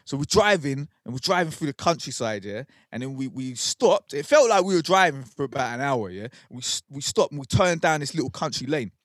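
A young man co-hosts a podcast, spinning a rambling, slang-heavy story in an animated way, swearing as he goes. His mid-range voice moves briskly with hardly any pauses. The recording is dry, with clean studio sound.

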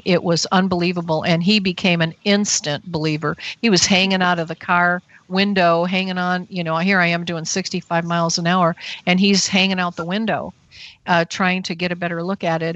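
A middle-aged woman, a radio show guest, telling her story casually with many fillers and quick laughs. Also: on the low side, a bit bright, no room sound. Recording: dull lo-fi internet radio audio.

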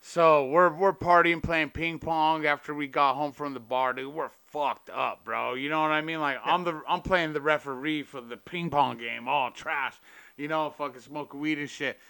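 A man's voice: a little high, fairly even intonation, moderate pace, vocal fry, sharp tone, clean tone. A man hosting a podcast in casual chat, laid-back and slangy, swearing freely as he tells stories. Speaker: podcast host.

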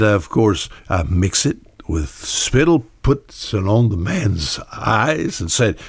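A man's voice: fairly low pitch, no room sound. A man preaching a sermon in a folksy storytelling way, acting out the voices of the people in his Bible stories.

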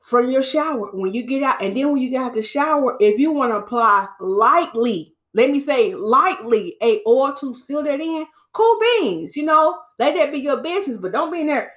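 A woman hairstylist hosting a podcast, giving casual hair-care advice in a preachy, animated way and calling listeners sis. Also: sits high, moderate pace, few pauses.

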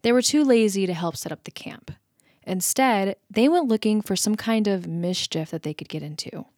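A woman's voice: mid-range voice, lively intonation, normal speed, a little mellow, no room sound, clean studio sound. Playful American woman podcast co-host. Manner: laughs easily, playful. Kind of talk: casual chat and story reading.

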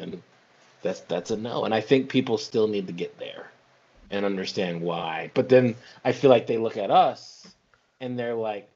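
Guy with a husky voice rambling through a casual chat, kinda dull lo-fi sound. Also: lowish voice, moderate pace. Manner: rambling, animated, many fillers. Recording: dull lo-fi recording.

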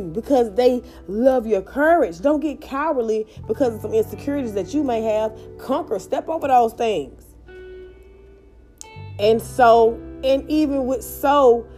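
A woman's voice: fairly high pitch, darkish tone. A woman podcast host giving a motivational monologue, emphatic and blunt, swearing freely and repeating her points.

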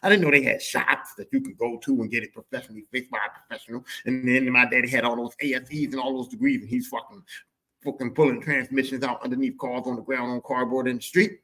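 A man hosting a podcast, telling comedic stories about his family in a profane, rambling, animated way. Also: medium pitch, fast talker. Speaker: podcast host. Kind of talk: comedic personal storytelling.

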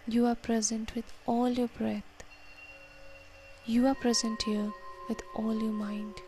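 A woman leading a guided meditation, counting breaths and giving slow, soft, calm instructions. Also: on the high side, soft background music.

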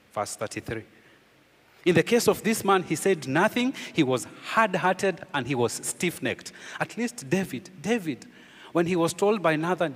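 Male pastor, sermon delivery, emphatic and questioning, softens for key lines; higher-set voice, lingering hall reverb. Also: animated, normal speed, breathy edge. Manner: emphatic preaching with rhetorical questions, dropping low and quiet for key points.

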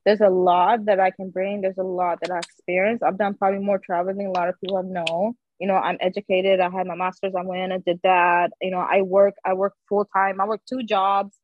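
A woman's voice: medium pitch, level tone, brisk, few pauses, no room sound, phone-quality sound. A woman, a podcast guest, talking earnestly in casual chat and often saying "you know".

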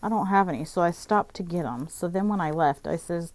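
A woman's voice: on the low side, moderate pace, a little mellow, no room sound. A woman telling a casual storytime rant, exasperated and profane, with "like" in almost every sentence. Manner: profane, exasperated, heavy use of "like". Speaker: vlogger.

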